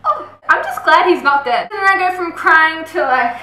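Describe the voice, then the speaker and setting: A woman's voice: very high-pitched, animated, moderate pace, pushed and bright. A woman chatting enthusiastically through a book review, gushing and acting out scenes as she goes. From Australia. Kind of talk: casual book review chat. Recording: roomy echoey room.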